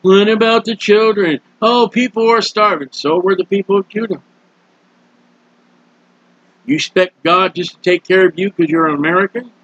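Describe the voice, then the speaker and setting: Preacher guy, kinda high voice, scolding and folksy, dull dry lo-fi sound. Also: normal speed, fairly bright tone, dry recording. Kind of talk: sermon. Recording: dull, dry, low-fidelity recording.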